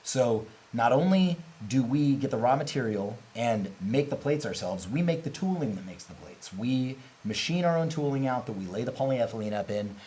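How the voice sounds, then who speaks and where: A man's voice: medium pitch, animated, normal speed, few pauses, warm tone, a little hiss or hum, rough recording. A man hosting a casual livestream, talking openly and rambling, laughing easily as he answers questions. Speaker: host, company representative.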